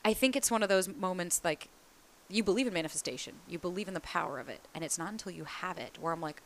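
A woman in her thirties who talks fast and candidly in a relaxed podcast chat. She is animated, swears freely and slips into the voices of people she quotes. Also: fairly low pitch. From East Coast of the US. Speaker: small business founder. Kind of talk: casual podcast conversation.

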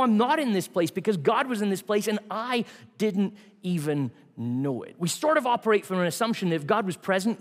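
A man preaching a sermon in a church, telling stories with a varied delivery that drops to quiet asides. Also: high-pitched, big-room sound.

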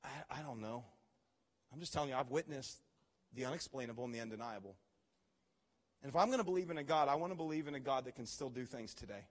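A man preaching a sermon as pastor, telling stories with animated, acted-out reactions. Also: medium pitch, fast, pauses often, in a large hall. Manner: animated storytelling, acts out his own reactions.

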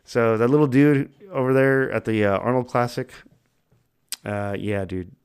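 A man's voice: mid-range voice, fairly even intonation, a little slow, a little mellow, smooth. A man hosting a podcast, telling stories in a loose, chatty way with lots of fillers and laughs. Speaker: podcast host. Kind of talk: casual chat.

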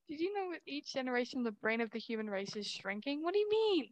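A woman's voice: high-pitched, sing-song, a little fast, dry recording. A woman co-hosting a podcast, chatting casually and giggling while she plays an online game. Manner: giggly, reads game chat aloud. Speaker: podcast co-host. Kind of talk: casual gaming chat.

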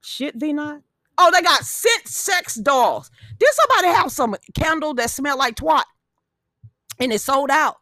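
A middle-aged woman chats as a live show host, brash, profane and joking. Her voice sits a bit high, with a bright, sharp edge. The sound is dry and close. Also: expressive, measured pace, no room sound. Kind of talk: casual chat.

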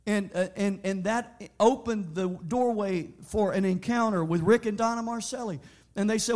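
A pastor delivering a sermon, telling a story and building to loud, emphatic preaching. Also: male voice, high-pitched, moderate pace.

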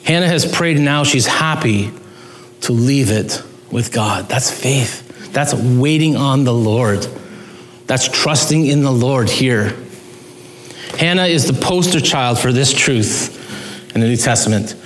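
A man's voice: medium pitch, a little slow, reverberant, slight background noise. A man preaching a sermon as pastor, earnest and emphatic, with sudden rises and drops in his voice.

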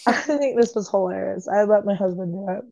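A woman's voice: mid-range voice, moderate pace, vocal fry, warm tone, no room sound, lo-fi sound. A woman in casual chat, blunt and crude, laughing often.

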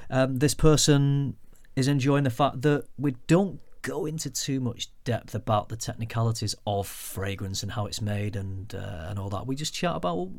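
A man's voice: medium pitch, no echo. A man co-hosting a podcast, chatting casually and rambling a little with restarts. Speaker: podcast co-host.

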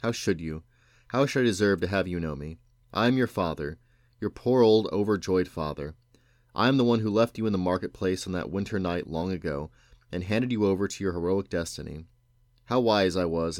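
A man's voice: lively intonation, normal speed, a little mellow, no room sound, clean studio sound. A man voicing a wheedling, self-pitying old father, pleading and resentful. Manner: pleading, then shrill and resentful.

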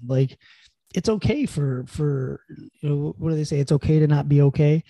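A man co-hosting a casual podcast, speaking with an earnest, encouraging tone. His voice is warm and dark, with a slight huskiness. The sound is close and dry. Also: on the high side, moderate pace, no echo. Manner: earnest, encouraging, many fillers like "you know". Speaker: podcast co-host. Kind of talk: casual chat.

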